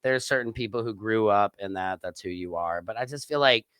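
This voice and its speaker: A man's voice: lowish voice, brisk, a bit bright, smooth, no echo, studio quality. A man who is a guest on a podcast, chatting casually and joking playfully around a running gag. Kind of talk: casual chat.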